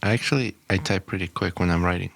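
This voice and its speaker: A man with a lowish voice co-hosts a casual podcast in a laid-back, dry way. He mostly answers in short lines. The recording is close and dry. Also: quick pace, gravelly, fairly bright tone, no room sound. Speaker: podcast co-host. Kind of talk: casual banter.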